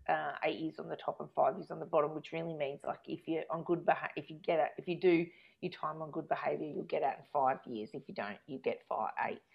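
A woman, chatting casually as she tells a long personal story, rambling and growing animated when she recounts arguments. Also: low voice, vocal fry, slightly rough. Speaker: guest telling a life story. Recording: dull lo-fi recording.

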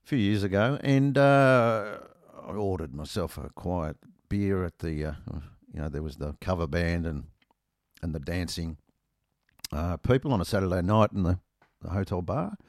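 A man's voice: sits low, normal speed, no room sound, clean studio sound. A middle-aged Australian man telling a rambling, self-mocking anecdote in casual chat, full of ums and uhs.

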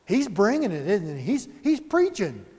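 A man leading a Bible study in an animated, conversational sermon style, with chuckling asides and rhetorical questions. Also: high-pitched, moderate pace, husky, in a large hall.

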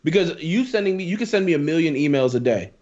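A man's voice: a little high, lively intonation, fast, a little mellow. Male podcast host, blunt and emphatic, swears freely, slightly dull lo-fi sound. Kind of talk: casual chat. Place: at home.

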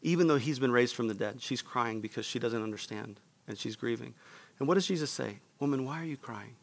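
A male pastor delivers an earnest sermon in a mid-pitched, gravelly voice. He speaks directly to the congregation and often pauses for their response. His tone stays sincere and steady throughout. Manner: earnest preaching, asks the room for responses.

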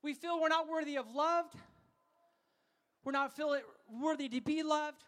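A man preaching a sermon to a festival crowd, fervent and calling for responses, sometimes rising to shouts. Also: very high-pitched, a little slow.

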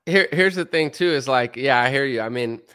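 A male podcast host who keeps things loose and talks in a middle pitch. He reads out items and riffs on them with a dry, sarcastic streak and a lot of jokes. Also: fairly quick, bright, forceful tone, smooth. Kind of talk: casual political chat.

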